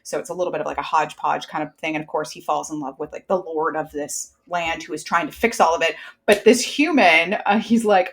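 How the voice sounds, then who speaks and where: Chatty woman cohost, lowish voice, excited about a book she's reading. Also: fast, few pauses. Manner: enthusiastic, chatty, slips in quoted asides. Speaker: podcast co-host. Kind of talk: casual chat.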